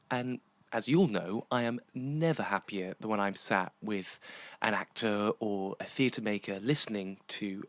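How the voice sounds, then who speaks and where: A man's voice: on the low side, no room sound. A British man hosting a theatre podcast, chatty and teasing with guests and talking at length on his own. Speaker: podcast host and theatre director. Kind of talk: casual interview chat and monologue.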